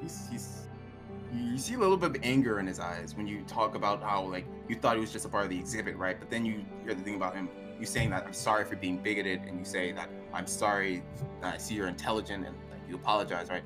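A man's voice: fairly low pitch, fast, music in the background. Chatty male game master, loose and wordy. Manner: rambling, filler-heavy with frequent "like" and "right?". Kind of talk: narrating a tabletop role-play.

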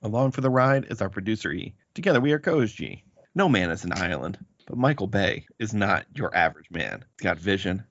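A man's voice: lowish voice, animated, a little fast, fairly bright tone, dull audio. A man hosting a casual movie podcast, joking and boasting playfully with his brothers. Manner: playful, boastful banter with laughs. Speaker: podcast host.

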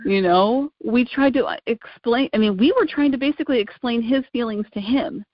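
A woman's voice: on the high side, moderate pace, no room sound. A woman in casual conversation, telling earnest stories about parenting and emphasizing points through repetition. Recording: dull lo-fi dry recording.

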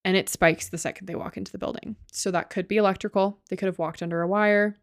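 A fast-talking woman with a steady, mid-range voice co-hosts a podcast on a close mic with no echo. She loosely retells a ghost-hunting show, saying "like" constantly and cursing now and then.

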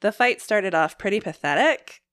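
A woman from Canada co-hosting a podcast, recapping episodes in casual chat and loudly acting out quotes. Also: medium pitch, normal speed, no room sound, studio quality. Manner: animated, acts out quotes loudly. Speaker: podcast co-host.

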